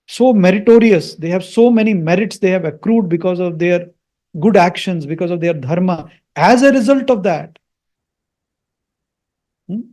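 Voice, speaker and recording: A man's voice: high voice, warm tone. A man teaching the pronunciation and meaning of Sanskrit mantras, patiently repeating words and checking in with "Hmm?". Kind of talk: explaining and pronouncing mantras.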